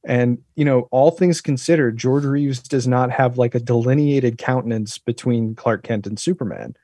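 A man talking about a TV episode in a relaxed, thoughtful podcast chat, with frequent fillers. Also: medium pitch, moderate pace, no echo, studio quality. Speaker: podcast co-host. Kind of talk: casual chat.

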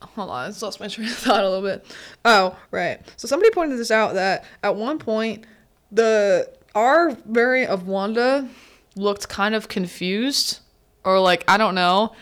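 A woman's voice: medium pitch, animated, a little slow, a bit bright. A young woman hosting a student podcast, chatting casually and laughing as she recaps a film and acts out the characters' lines. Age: young adult. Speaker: podcast host.

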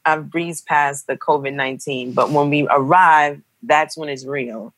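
A woman's voice: low voice, a little slow, no room sound. Dry-sounding young woman telling a story. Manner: animated, acts out quoted voices. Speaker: guest telling a birth story. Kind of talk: casual storytelling.

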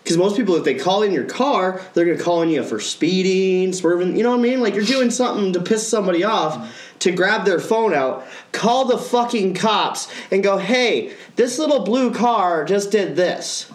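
A man's voice: sits high, lively intonation, moderate pace, echoey room. A man hosting a casual podcast, telling a story in a profane, ranting way. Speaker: podcast co-host.

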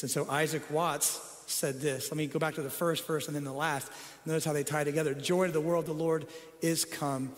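A middle-aged male pastor with a high voice delivers a sermon, sinking to soft, low passages and then climbing to excited peaks. His voice carries a long reverb tail through a church sanctuary. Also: a little fast. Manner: dynamic preaching, swinging from soft low tones to excited peaks.

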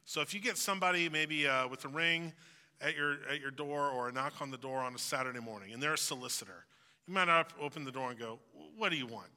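A man preaching a conversational sermon, relaxed and reflective, acting out everyday phrases to make his point. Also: a little high, fast, clear, resonant tone. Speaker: pastor. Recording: long hall reverb.

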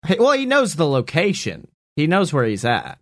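A man casually making up a story out loud, rambling, laughing and swearing often. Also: fairly high pitch, huge pitch swings, normal speed, no room sound, studio quality. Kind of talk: casual improvised story brainstorming.

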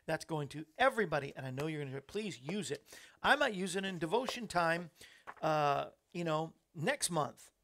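A man's voice: fairly high pitch, animated, moderate pace, pushed and bright. A man hosting a talk show, chatting in a rambling way and laughing at his own jokes. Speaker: host.

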